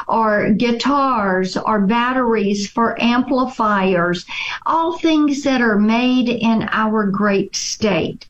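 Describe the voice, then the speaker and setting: Slow, deliberate woman politician. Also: on the high side, muffled recording. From Tennessee. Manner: slow, deliberate, piles up repeated phrases. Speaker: politician guest. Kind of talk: interview answers.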